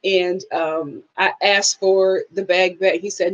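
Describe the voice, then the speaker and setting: Speaking slowly in a fairly low voice, this woman hosts a laid-back live stream where she tells lively stories, performs quotes, and reads comments from viewers. She laughs a lot, and the recording sounds dull.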